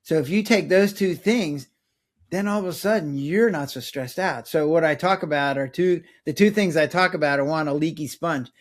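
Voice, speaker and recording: Middle aged guy chatting in an interview, kinda high voice, lively, acts out little voices. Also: moderate pace. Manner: animated, acts out patients' and his own lines in voices. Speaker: guest, former physician. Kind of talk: casual conversational interview.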